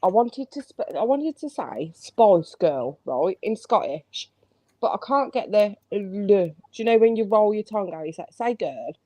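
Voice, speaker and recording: A woman's voice: mid-range voice, animated, moderate pace, mellow, no echo. A woman who is a guest on a casual late-night live chat, giggly and chatty. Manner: giggly, chatty storyteller, swears.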